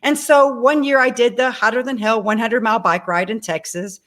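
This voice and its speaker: A woman in her sixties tells her own life story as a guest on an interview show. Her voice sits a little high, and she keeps acting out the dialogue. She turns to speak straight to her listeners. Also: normal speed. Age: 60s. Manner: animated, acts out dialogue in her stories; addresses the audience directly. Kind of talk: personal storytelling.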